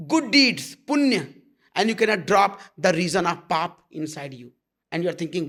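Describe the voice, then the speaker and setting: A man teaches at a satsang in a high voice with a gravelly edge. He talks bluntly but tenderly to his listeners. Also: moderate pace. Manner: blunt and intimate, calling listeners "my love". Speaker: spiritual teacher. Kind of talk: satsang talk.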